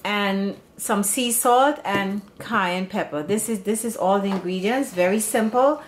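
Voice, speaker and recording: This home cooking channel host, a Serbian-background woman, demonstrates in her home kitchen with a mid-range, unhurried voice over a little hiss or hum. She chats and meanders, frequently starting her sentences over.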